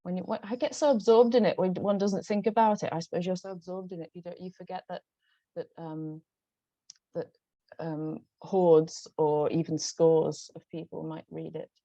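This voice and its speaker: Hesitant Northern English woman, dark voice. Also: on the low side, fairly even intonation, normal speed, no room sound. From Northern England. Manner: hesitant, many restarts and ums. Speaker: novelist guest. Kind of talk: conversational book talk. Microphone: video call. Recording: dull lo-fi video call audio.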